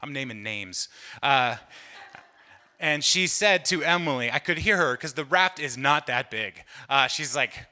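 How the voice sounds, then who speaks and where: A middle-aged man doing stand-up, telling a chatty, self-mocking story that builds to loud bursts. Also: medium pitch, animated, unhurried. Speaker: stand-up comedian. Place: church hall. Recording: live room with long reverb.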